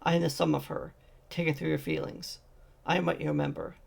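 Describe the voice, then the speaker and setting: A man voicing a young woman conjured by magic from memories, calm and knowing, in a fan audiobook reading. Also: fairly high pitch, brisk, gravelly, husky, full character voice.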